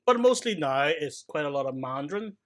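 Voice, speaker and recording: A man from Hong Kong, a guest on a podcast, chatting casually in a lively, profane, joking way. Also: on the high side, a little fast. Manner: lively, profane, laughs along. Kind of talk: casual chat.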